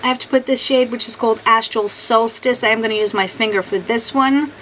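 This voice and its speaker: A woman's voice: on the high side, steady tone, brisk, a bit bright, slight background noise, rough recording. A woman making a casual makeup vlog to camera, chatty, apologetic and hard on herself. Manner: chatty, self-deprecating and apologetic. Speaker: beauty vlogger.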